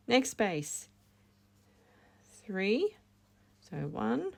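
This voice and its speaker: Slow, chatty woman teaching crochet. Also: a little high, sing-song, gravelly, darkish tone, breathy edge. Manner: chatty, self-correcting, laughs at her slips. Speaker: crochet tutorial host. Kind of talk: casual step-by-step demonstration.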